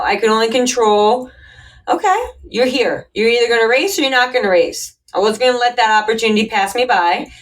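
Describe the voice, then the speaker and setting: A woman's voice: on the high side, far from the mic, rough recording. A woman hosting a podcast, telling a personal story in a casual, chatty way and acting out what others said. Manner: chatty, animated, acts out quoted voices. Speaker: podcast host.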